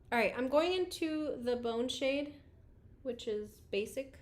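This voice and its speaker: A woman's voice: high voice, animated, a little slow. A woman in her thirties, a beauty vlogger chatting casually on a livestream, greeting viewers and laughing often.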